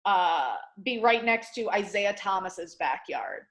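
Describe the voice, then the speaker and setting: A young adult woman from the Detroit area, a comedian telling a story on a podcast in casual chat, acting out quotes with big loud voices. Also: mid-range voice, takes it slowly. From Michigan, Detroit area. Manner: animated storyteller, acts out quotes loudly. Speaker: comedian guest.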